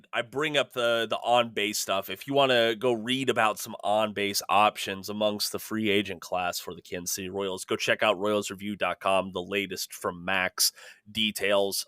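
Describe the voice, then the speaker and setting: A male podcast host with a lowish, bright and crisp voice, talking up his show in an upbeat way. He sounds close to the mic in a dry, dead room. His delivery is casual and easy, with polished plugs between the chat. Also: dry recording. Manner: upbeat, reads sponsor-style plugs smoothly.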